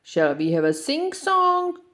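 A woman's voice: a little high, big pitch swings, slow pace, a little mellow, voice pushed up. A woman voicing an eager, childlike young male lion cub in a storybook reading. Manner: eager, sing-song, childlike. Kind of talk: storybook character voice.

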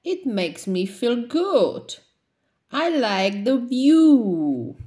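A woman's voice: on the high side, very animated, extremely slow, mellow, pitched above the performer's own voice, exaggerated voice. A woman reading a storybook, voicing a cheerful mother crocodile who loves to dance, in a breezy, sing-song way.

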